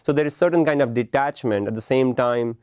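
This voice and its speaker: A man's voice: mid-range voice, fairly quick, darkish tone, clean tone, no echo. A man giving a classroom lecture, explaining patiently and checking in with "right?" as he goes. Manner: explanatory, tags points with "right?". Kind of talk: classroom lecture on film composition.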